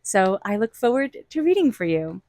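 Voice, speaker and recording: A woman's voice: medium pitch, very animated, normal speed, mellow. Chatty woman giving a tarot reading. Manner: gushing, lots of "you know" and "like", slips into playful voices for quotes. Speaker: tarot reader. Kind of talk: intuitive tarot reading vlog.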